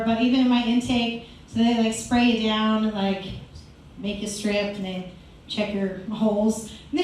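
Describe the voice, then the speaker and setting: High-voiced woman doing stand-up in an echoey hall. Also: a little hiss or hum. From Youngstown, Ohio, USA. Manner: loose storytelling peppered with "like" and "um", blunt swearing. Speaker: stand-up comedian. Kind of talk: stand-up comedy set. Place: live comedy venue stage. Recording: very echoey room, distant mic, faint crowd ambience.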